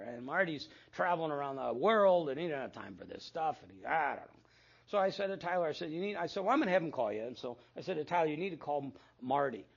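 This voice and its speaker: Older male pastor with a raspy, gravelly voice. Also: on the high side, muffled recording. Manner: storytelling with quoted dialogue, self-deprecating asides. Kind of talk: sermon.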